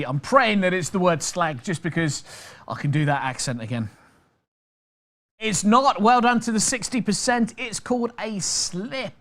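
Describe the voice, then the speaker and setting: A man's voice: sits high, a bit bright. A British man hosting a live online quiz, reading out questions and answer options with chatty, jokey patter. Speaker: quiz master.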